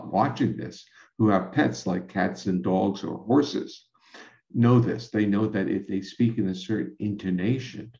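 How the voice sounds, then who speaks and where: A man speaking as a scientist guest, explaining ideas in a measured, lecturing way with frequent restarts. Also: sits low, gravelly, dark tone. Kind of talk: explanatory conversation. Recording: roomy, dull lo-fi sound.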